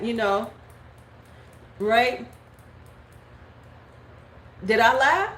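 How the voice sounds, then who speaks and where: A woman in her forties chats on a live stream in a gossipy, animated way, her voice pitched a little high. She jumps into squeaky quoted voices now and then. The sound is roomy and echoey, with a faint noise behind her. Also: drawn-out words, pauses often. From United States. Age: 40s. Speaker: beauty vlogger. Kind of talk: casual live-stream chat.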